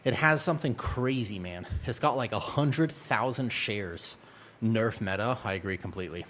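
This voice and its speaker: A man chatting casually on a live game stream, excitable and full of quick exclamations. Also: on the low side, slight background noise.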